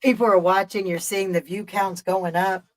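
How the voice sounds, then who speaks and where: A woman's voice: mid-range voice, steady tone, moderate pace, poor audio. A middle-aged woman hosting a live stream, telling a story in casual chat, with an emphatic, profane and rambling delivery.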